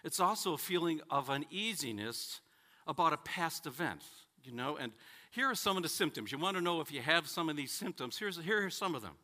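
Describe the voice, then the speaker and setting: Bright-voiced man preaching a sermon. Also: fairly high pitch, expressive. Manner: storytelling with dramatic pauses and voiced characters.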